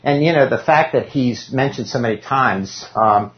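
A man leads a relaxed Bible class, chatting loosely and then reading scripture aloud, now and then poking fun at himself. His voice sits at an ordinary middle pitch. The recording sounds dull and lo-fi. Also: normal speed. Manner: conversational, self-deprecating, reads scripture aloud. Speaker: Bible study teacher. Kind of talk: informal Bible class teaching.

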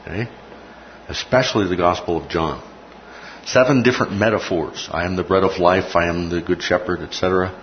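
Low-voiced male lecturer in a classroom, deliberate, checks in often; dull, slightly noisy recording. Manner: repeats key phrases, checks in with "okay?". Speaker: Bible teacher. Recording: muffled recording with faint noise.

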